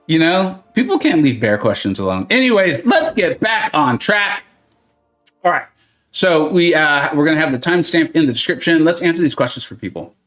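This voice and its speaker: Playful, slightly high-voiced male streamer. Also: fairly bright tone. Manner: playful and joking, rambling into tangents; explains advice in a chatty, reassuring way. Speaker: gaming streamer host. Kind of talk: casual live-stream chat answering viewer questions.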